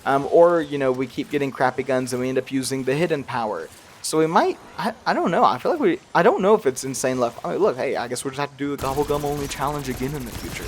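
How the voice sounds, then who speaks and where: Young man, slight accent, casual gameplay commentary, rambling and self-deprecating, mid-pitched voice, faint background hiss. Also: lively intonation, fast talker. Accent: slight regional accent he tries to hide. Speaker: gaming youtuber.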